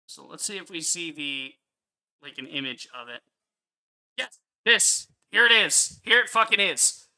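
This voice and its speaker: A man's voice: high voice, expressive, a little slow, sharp tone. A man ranting angrily on a live stream as he reviews a film, swearing often and repeating his points for emphasis. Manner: angry, profane ranting.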